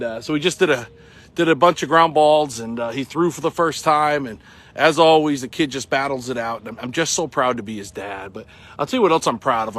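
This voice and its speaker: Upbeat middle-aged male host, winded, casual live talk, lots of ums, mid pitch. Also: a bit bright. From Massachusetts. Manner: upbeat, chatty, many ums and uhs. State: sweating and out of breath. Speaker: real estate broker hosting a morning show. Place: outdoors at a baseball field.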